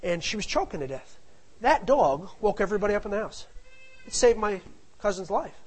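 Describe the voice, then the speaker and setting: A man's voice: high voice, sing-song, brisk, breathy edge, poor audio. A middle-aged man telling a family anecdote in a casual, rambling way, full of asides. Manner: rambling, digressive, with frequent asides. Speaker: storyteller.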